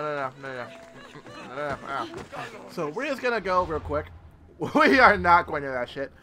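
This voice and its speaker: A young man giving excitable, casual let's-play commentary, with loud outbursts and constant swearing. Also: a little high, a little hiss or hum. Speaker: gameplay streamer.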